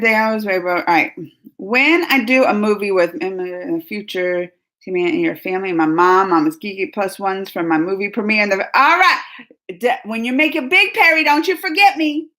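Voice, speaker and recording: A woman hosting a casual live chat, talking fast with lots of "like" and "y'all", laughing and reading out viewer comments. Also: mid-range voice. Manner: animated, laughing, full of "like" and "y'all". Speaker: live stream host.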